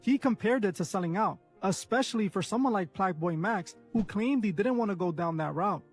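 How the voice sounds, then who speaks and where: A man's voice: sits high, lively intonation, brisk, music in the background. A man narrating a scripted commentary recap of online drama.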